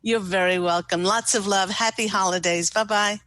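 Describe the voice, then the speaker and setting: A woman hosting a talk radio show, giving a spiritual card reading to a caller in a slow, gushing, soothing way. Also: mid-range voice, fairly even intonation, fairly bright tone, no echo. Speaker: radio host and angel card reader.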